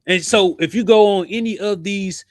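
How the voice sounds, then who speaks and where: Blunt emphatic man, slightly higher voice. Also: moderate pace, no echo, studio quality. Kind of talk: casual panel discussion.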